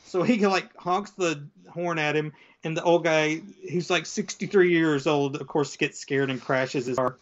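A man's voice: a little high, unhurried, hardly any pauses, muffled recording. A man in casual chat, retelling comic book stories and briefly acting out the characters' lines. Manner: animated storyteller acting out voices.

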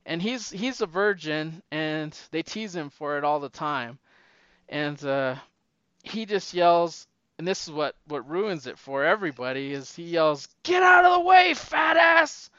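A man casually retelling a movie plot, animated and acting out the characters' lines in raised voices. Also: a little high, unhurried, smooth, no room sound, highs cut off.

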